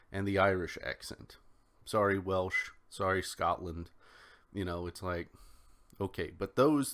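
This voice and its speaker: An American man talks through a solo political commentary, his voice sitting on the low side. He rambles, restarting sentences and filling gaps with ums as he works his way through each point. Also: a bit bright. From United States. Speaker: podcast host.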